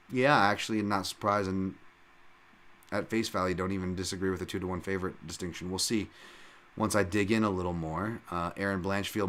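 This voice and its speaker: A man with a fairly low voice hosts a podcast and talks through fight bets in a loose, off-the-cuff way. He rambles, restarts his sentences, leans on fillers and swears casually. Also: fairly bright tone, smooth. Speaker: podcast host. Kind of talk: casual fight-betting breakdown.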